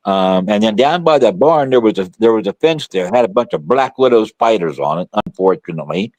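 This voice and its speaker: Lively-voiced man telling a story. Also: on the low side, fairly quick, no echo. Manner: animated, colloquial, frequent restarts, acts out quoted voices. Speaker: guest author. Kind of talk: casual storytelling in conversation.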